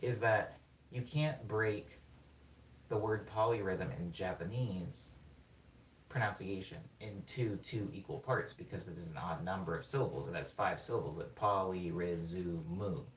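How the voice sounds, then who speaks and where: A man on a live production stream, excitedly explaining rhythm while rambling and interrupting himself, sometimes singing words on the beat. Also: sits low, normal speed, a little hiss or hum. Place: home studio during a live production stream. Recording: roomy room sound, mic at a distance, faint music.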